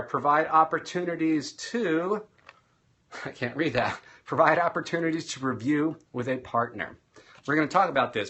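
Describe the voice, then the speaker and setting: A teacher and speaking coach gives an energetic teaching talk over a live stream, using a mid-range voice and changing his volume and pace for emphasis.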